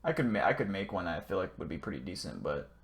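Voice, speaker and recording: A man's voice: low voice, very animated, fast talker, vocal fry. A man hosting a live stream, chatting casually with viewers in a rambling, profane, joking way. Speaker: livestream host.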